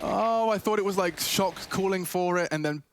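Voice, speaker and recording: A man giving excitable, quick-reacting live commentary on an esports match. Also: high-pitched, slight background noise.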